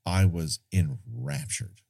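Slow, low-voiced man discussing films. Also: very animated, creaky, warm tone. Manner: rambling, self-deprecating, laughs often. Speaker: podcast co-host. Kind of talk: casual film discussion.

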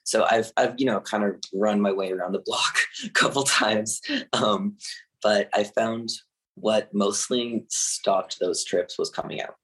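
Young man, deep voice, halting and candid personal storytelling. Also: fairly even intonation, fairly bright tone, poor audio. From Canada. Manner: candid, halting, many fillers, nervous laughs.

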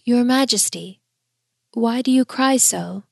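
Lady reading as a sweet old gardener guy, soft and confiding, a bit low and gravelly. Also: slow, dry recording, clean studio sound, exaggerated voice. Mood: gentle. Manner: gentle, confiding. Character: old male gardener, kindly and fatherly.

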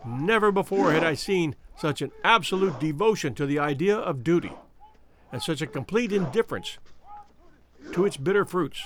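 A man reading an adventure novel aloud as first-person audiobook narration, measured and expressive. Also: fairly high pitch, very noisy.

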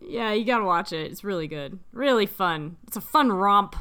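A woman's voice: medium pitch, expressive, normal speed, sharp tone, smooth. A woman co-hosting a podcast in casual chat, reading out research notes, playful and laughing often. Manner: laughs often, playful, does silly voices. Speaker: podcast co-host.

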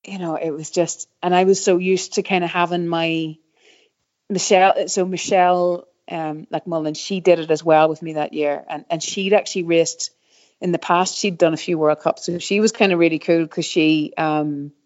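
On the low side and steady in tone, this middle-aged woman speaks at a normal speed with a slightly mellow sound. As a guest who once raced downhill mountain bikes, she tells career stories in a casual interview, rambling with many fillers and restarts, on a slightly dull, muffled recording.

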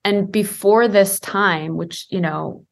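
A woman's voice: mid-range voice, takes it slowly, vocal fry. A woman guest in a casual chat, earnestly explaining spiritual ideas.

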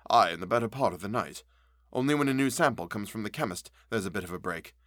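A fearful old butler, as a male reader puts him on, murmuring low and hushed in a dry, close sound. His words come out quietly, weighed down with dread, in an old-fashioned turn of phrase. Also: animated, quick pace, dry recording.

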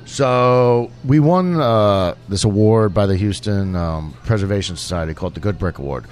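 A man in his forties with a fairly low voice tells stories in a casual interview. He rambles easily and often restarts his sentences as he goes. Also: lively intonation, moderate pace, darkish tone. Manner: easygoing, rambling, with frequent restarts. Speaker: restaurant owner, guest.

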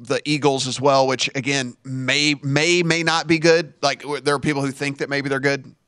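A man hosting a sports betting show, talking through football projections at a steady, methodical pace. His voice sits at a middle pitch. The sound is dry and close to the mic, with no room echo. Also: normal speed, clean tone. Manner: teasing in banter, methodical with stats. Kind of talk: casual sports analysis talk.

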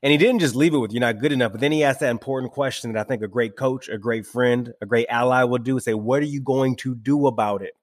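An enthusiastic male podcast host who talks quickly and conversationally. He has a mid-range voice, and it is recorded close and dry with no room sound. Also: medium pitch, no room sound. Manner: enthusiastic, conversational, asks reflective questions. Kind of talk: casual interview chat.

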